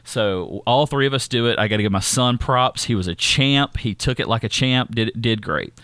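A man's voice: medium pitch, moderate pace, a bit bright, clear, resonant tone, no room sound, studio quality. A man, co-hosting a casual podcast and telling a long story, rambling and restarting often. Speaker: podcast co-host. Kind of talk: casual chat.

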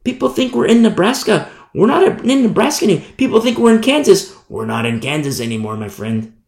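A man preaching a sermon, telling a story with lively energy and acting out shouted warnings. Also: high voice, a little fast, gravelly. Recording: echoey room.

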